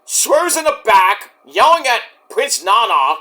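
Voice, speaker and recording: A man talks through a show in a loose, rambling recap, stopping to correct himself and acting out what others said. His voice sits high and bright. It swings up and down with a lot of energy. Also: big pitch swings, takes it slowly. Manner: rambling with self-corrections, acts out quotes. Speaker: wrestling reviewer. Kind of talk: casual spoken recap.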